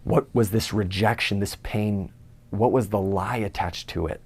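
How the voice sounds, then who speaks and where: A young man tells his own story with earnest feeling. His low voice has a gravelly, creaky texture, and he sometimes voices his own inner thoughts. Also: fairly even intonation, measured pace, a little mellow. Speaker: speaker giving a personal testimony. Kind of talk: personal testimony talk.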